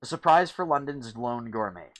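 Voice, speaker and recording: Male gamer, casual and profane, quick to get annoyed, mid-range voice. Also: mid-range voice, animated. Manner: swears a lot, easily frustrated. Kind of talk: casual gaming chat.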